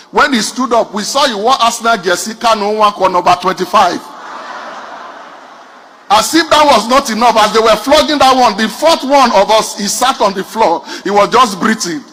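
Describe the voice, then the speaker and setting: There's slight background noise as a Nigerian man with a sharp, high-pitched voice performs a comedy routine. He addresses the audience head-on with punchy storytelling.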